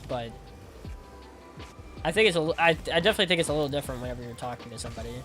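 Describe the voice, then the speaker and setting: A man's voice: medium pitch, animated, rapid-fire, a bit bright, faint music behind. A young man talking casually to his stream chat while gaming, rambling with lots of "like" and repeated words. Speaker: game streamer.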